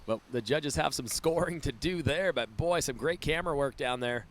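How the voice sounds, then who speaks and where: A man's voice: medium pitch, normal speed, a little hiss or hum. A man calling a live surf contest play-by-play, enthusiastic and often laughing. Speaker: surf commentator. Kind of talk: live sports commentary.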